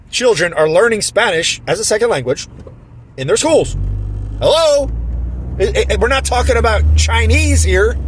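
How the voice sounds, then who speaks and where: Indignant high-voiced man, sarcastic commentary. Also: fairly bright tone, a little hiss or hum. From New Jersey. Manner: indignant, sarcastic, mocking quotes. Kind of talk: opinion commentary.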